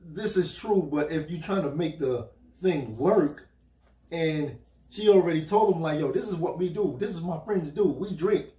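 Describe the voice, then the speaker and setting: A man with a somewhat high voice, jokey and quick with a theory about everything. He sits back from the mic in an echoey room. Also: dark tone, recorded from a distance. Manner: joking, offers quick theories, laughs. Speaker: co-host of a reality show review. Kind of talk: casual chat.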